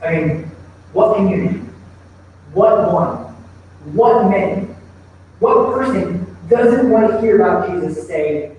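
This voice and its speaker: Male pastor with a high voice, conversational sermon, distant mic in a reverberant church hall. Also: lively intonation, a little slow, pauses often, lo-fi sound, slight background noise. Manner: conversational preaching, asks the congregation rhetorical questions. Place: church sanctuary.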